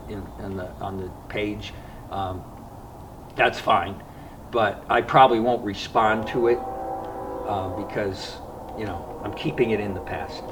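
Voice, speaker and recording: A man vlogging about fishing, telling a personal story in an earnest, reflective way and pausing often to regather his thoughts. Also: lowish voice, far from the mic, slight background noise, rough recording.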